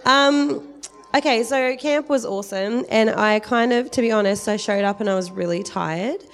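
A woman's voice: fairly high pitch, normal speed, faint music behind. A woman in her thirties giving a casual, rambling testimony in church, with many fillers.

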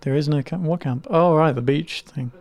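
A man's voice: on the high side, normal speed, darkish tone. A man co-hosting a casual rewatch podcast, making wry jokey asides. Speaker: podcast co-host.

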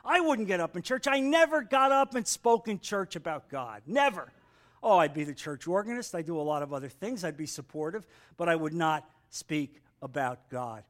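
A man's voice: a little high, lively intonation, normal speed, a bit bright. A man teaching a Bible class in an earnest sermon style, repeating phrases and calling for amens.

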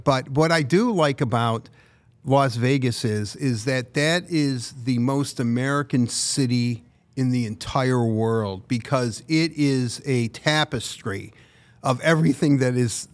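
A man co-hosting a sports podcast, telling long, meandering stories in casual chat. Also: mid-range voice. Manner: rambling, meandering storyteller. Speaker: podcast co-host.

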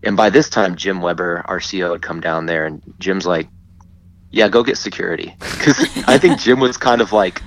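A man telling a story in casual chat, animated and often laughing as he acts out what others said. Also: sits low, normal speed, a little hiss or hum. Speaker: guest. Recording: dull lo-fi sound.

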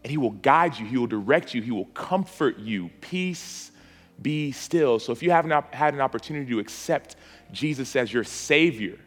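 A man's voice: medium pitch, lively intonation, a little fast, fairly bright tone, breathy edge. A man preaching an altar call in a church auditorium, with a repetitive, pleading cadence.

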